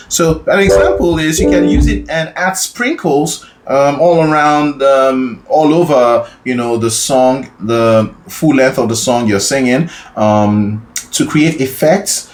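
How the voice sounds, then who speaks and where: A man's voice: mid-range voice, lively intonation, measured pace, roomy sound, soft background music. A man teaching a singing lesson as a vocal coach, explaining casually and often checking in with the listener. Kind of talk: singing lesson with sung demonstrations.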